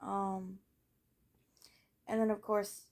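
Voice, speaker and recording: Speaking very slowly and flatly, a vlogger in her late teens recounts her own life in a loose, rambling way, full of fillers and blunt cursing. Her mid-range voice carries gravelly fry, and many sentences trail off softly.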